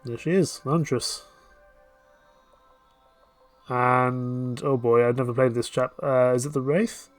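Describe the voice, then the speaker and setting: A man's voice: mid-range voice, steady tone, slow, pauses often, faint music behind. A man playing a dating game on stream, reading its narration aloud and dropping playful, jokey asides.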